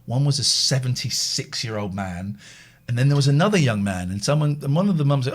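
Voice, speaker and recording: A man's voice: mid-range voice, expressive, fast talker. A middle-aged man hosting a live phone-in show, telling rambling anecdotes in a chatty way. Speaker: radio phone-in host. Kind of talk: casual live chat.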